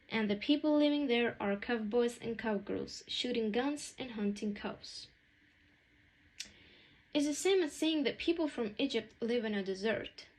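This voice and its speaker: Young woman reading out a school project, a bit high-pitched, plain delivery. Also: a little mellow, poor audio. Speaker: student presenter.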